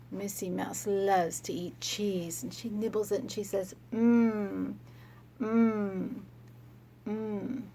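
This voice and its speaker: Slow, gentle woman teaching phonics. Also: mid-range voice, gravelly, slight background noise. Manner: slow, gentle, sounding out letters for children. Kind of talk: children's phonics lesson.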